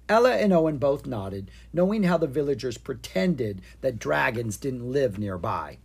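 A reader narrating a children's storybook in a lively, expressive way. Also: medium pitch, normal speed, creaky, few pauses, breathy edge. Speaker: audiobook reader.

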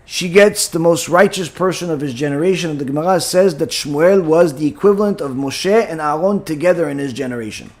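A man teaching a Torah class as a rabbi, emphatic and animated, with frequent "you know" fillers. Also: a little high, brisk, hardly any pauses. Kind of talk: Torah lesson.

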